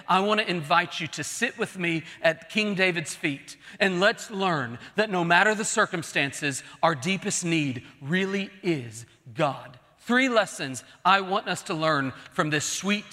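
Male pastor, high bright tenor, earnest emphatic sermon delivery, long church-hall reverb. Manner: earnest, emphatic preaching that swells into pleading.

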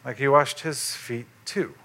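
Bright-voiced man preaching conversationally. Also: mid-range voice, unhurried, slight background noise. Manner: conversational preaching, animated rises for emphasis. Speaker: pastor. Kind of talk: sermon.

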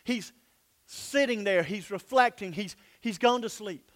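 High-voiced male preacher. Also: measured pace, a bit bright. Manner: dramatic storytelling with sudden drops to near-whisper. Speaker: pastor. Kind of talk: sermon.

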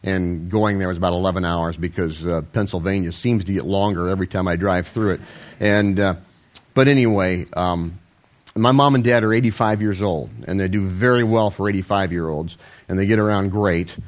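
A man's voice: sits low, moderate pace. A man, preaching a folksy, rambling sermon with self-deprecating asides. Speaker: pastor.

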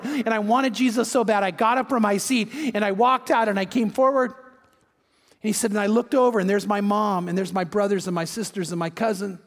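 A man's voice: high voice, fairly quick. A man preaching a sermon, telling a story with energy and acting out the voices of the people in it. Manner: energetic, acts out quoted voices. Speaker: pastor. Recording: long hall reverb.

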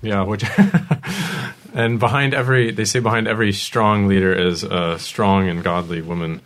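A man's voice: on the low side, measured pace, a bit bright. A man hosting a studio talk show, easygoing with lots of ums, laughing along with his guests. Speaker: host.

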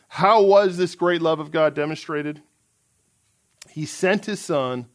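Earnest high-voiced male preacher. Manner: earnest, emphatic, reads scripture aloud. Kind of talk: sermon.

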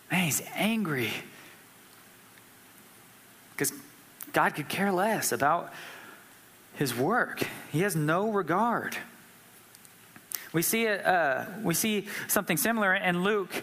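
A man preaches a sermon in a casual, conversational way, putting questions to his congregation. His voice is fairly high and bright. It echoes with a long reverb through a church hall. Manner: conversational, asks the audience questions.

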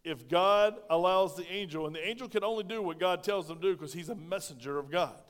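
A pastor delivering a sermon in a high, lifted voice, punctuating points with asides to the congregation. His delivery swings between loud bursts and hushed remarks. The recording carries the long reverb of a large church hall. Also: fairly quick. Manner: preaching with call-and-response asides, swings between loud and soft. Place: church sanctuary.

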